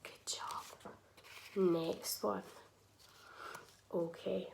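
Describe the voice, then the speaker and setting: A woman teaching a phonics lesson to young children, sounding out words slowly and clearly and praising often. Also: on the low side, steady tone, a little mellow, whispered.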